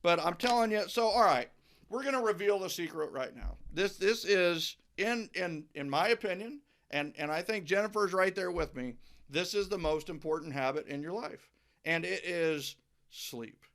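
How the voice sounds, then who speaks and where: A man's voice: high voice, moderate pace, a bit bright. A middle-aged man hosting a podcast interview, talking emphatically and often repeating words as he starts a thought. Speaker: podcast host. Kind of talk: enthusiastic interview chat.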